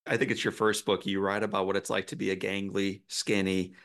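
A man's voice: sits low, little pitch movement, fairly quick, gravelly, a bit bright. A man hosting an interview, asking easygoing, conversational questions. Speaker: interview host.

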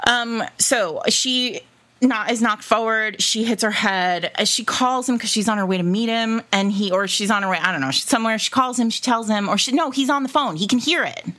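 A woman co-hosting a podcast, chatting casually about a romance novel, animated and laughing often as she acts out dialogue. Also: fairly high pitch, fairly quick. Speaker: podcast co-host. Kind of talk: casual book discussion.

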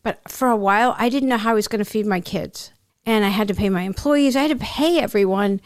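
A middle-aged woman, a guest on an interview, shares personal stories candidly in a medium-pitched, slightly quick voice. Her delivery is emotional and tumbling, constantly cutting herself off. The recording is clean studio sound with no echo.

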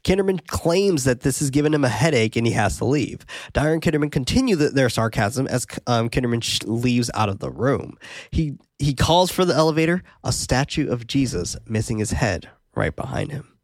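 A man's voice: medium pitch, animated, normal speed, dry recording. A man casually recapping a horror movie for a podcast, laid-back, with fillers and laughs. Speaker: podcast host.

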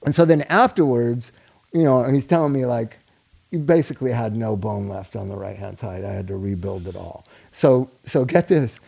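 Gravelly man telling a lively story. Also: mid-range voice, moderate pace. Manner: animated storyteller, acts out quoted people. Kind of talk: casual chat.

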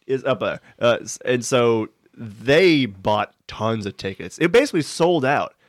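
A man's voice: mid-range voice, expressive, a little slow, no echo, clean studio sound. Rambling, laughing man telling a story. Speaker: podcast guest, actor. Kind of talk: casual comedic chat.

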